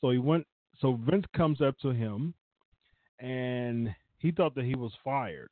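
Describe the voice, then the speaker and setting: A man hosting a podcast in loose, casual chat, rambling and restarting his sentences as he goes. His voice sits at an everyday middle pitch and comes through a narrow, phone-like line. The sound is dry and close. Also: expressive, takes it slowly, no echo. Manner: rambling, many fillers and restarts. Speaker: podcast host.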